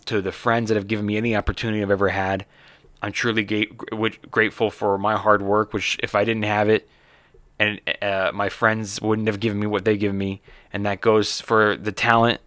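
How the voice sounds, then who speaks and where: With a lowish voice in a dry recording, an American stand-up comedian runs his own podcast as a casual solo monologue. He rambles, swears, stays animated, and keeps restarting his thoughts.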